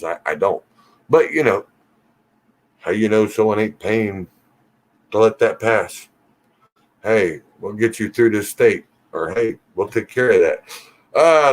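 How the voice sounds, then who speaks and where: Male streamer host, casual and teasing, reads chat comments aloud, easygoing style drawl. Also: on the low side. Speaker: livestream host reading viewer comments.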